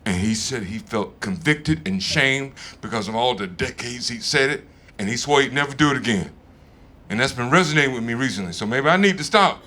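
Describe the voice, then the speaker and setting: Bright-voiced Southern man, drawling stand-up. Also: medium pitch, animated, fairly quick. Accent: Southern American. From American South. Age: 50s. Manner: drawling, conversational, profane. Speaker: stand-up comedian. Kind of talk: stand-up comedy set. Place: comedy stage in front of a live audience.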